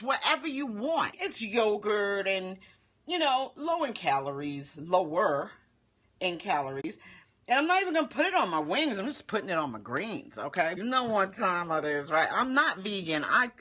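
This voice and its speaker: Expressive female livestream cook, bouncy high-ish voice, chatty and animated. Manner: chatty and expressive, talks with her mouth full. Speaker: home cooking livestream host. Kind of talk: casual live cooking demo chat. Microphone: phone livestream.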